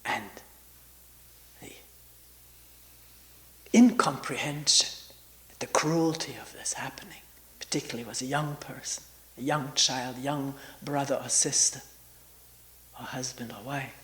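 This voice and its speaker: Slow, soft-spoken older woman teacher. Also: very deep voice, low-quality recording. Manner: slow and searching, with long pauses and often half-whispered. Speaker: meditation retreat teacher. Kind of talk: reflective spiritual talk.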